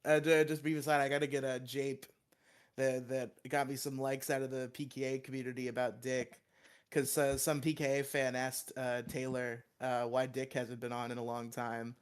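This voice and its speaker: A man's voice: medium pitch, little pitch movement, normal speed, clean tone. A young man co-hosting a podcast, chatting casually, laughing often and adding joking asides. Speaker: podcast co-host. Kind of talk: casual chat.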